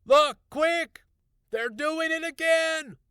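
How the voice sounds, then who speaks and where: A man putting on a frantic, shrill neighbor man. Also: very slow, clean tone, no echo, clean studio sound. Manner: shouting, frantic, high-pitched. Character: excitable middle-aged man, flustered neighbor.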